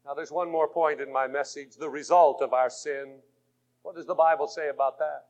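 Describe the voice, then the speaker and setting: A man preaching a sermon, swinging between fervent shouts and hushed, intimate passages. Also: a little high, steady tone, normal speed. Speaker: pastor. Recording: muffled lo-fi 1980s tape.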